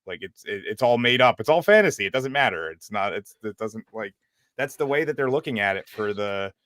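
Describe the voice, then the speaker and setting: A man with a somewhat low voice rambles through his points in a casual panel chat, asking questions as he goes. The recording is dry and close. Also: animated, a little fast, a bit bright, dry recording. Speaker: panel guest.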